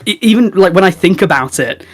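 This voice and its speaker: A man's voice: high voice, expressive, fairly quick, faint music behind. An English man with a southern English accent, a podcast co-host chatting casually and laughing at himself about sounding posh. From England. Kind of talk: casual chat.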